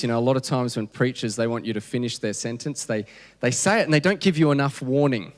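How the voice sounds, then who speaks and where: A man in his thirties with an Australian accent, preaching a conversational, humorous sermon full of restarts. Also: fairly high pitch. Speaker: pastor. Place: church hall. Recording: long church hall reverb.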